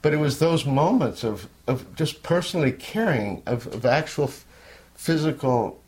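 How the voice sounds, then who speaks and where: Older guy telling a story from his past, rambly and candid, goes quiet sometimes. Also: a little high, lively intonation, normal speed. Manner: candid, rambling, drops to soft near-whisper. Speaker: interviewee. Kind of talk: personal storytelling.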